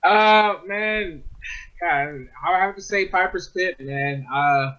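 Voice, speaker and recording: A man's voice: high-pitched, takes it slowly, sharp tone, muffled recording. A man co-hosting a casual chat, talking earnestly and rambling with many fillers. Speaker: podcast co-host.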